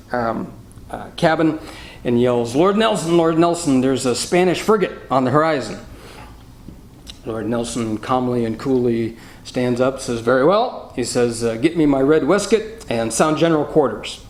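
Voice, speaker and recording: A man's voice: mid-range voice, a little mellow. A man teaching a Bible study in a jovial, anecdotal way, reading and explaining verses. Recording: roomy room echo, faint noise.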